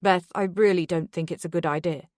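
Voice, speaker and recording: A woman's voice: on the low side, fairly even intonation, brisk, a little mellow, no echo, clean studio sound, close to an everyday voice. A woman voicing a guarded husband who speaks in a curt, spiteful way. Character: cold, guarded husband protecting his children.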